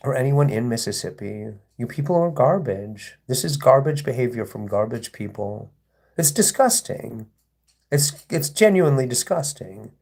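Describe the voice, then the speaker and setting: A man's voice: mid-range voice, sing-song, unhurried, a little mellow. A man hosting a livestream, talking to his chat in an indignant, sarcastic, rambling way with frequent restarts. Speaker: livestream host. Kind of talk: livestream monologue addressing chat.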